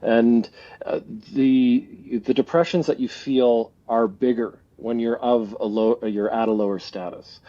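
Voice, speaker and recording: A man's voice: medium pitch, steady tone, a little slow, dark tone. A Canadian man in his forties, a guest speaking reflectively in a casual interview, often laughing and restarting his thoughts. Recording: slightly dull lo-fi audio.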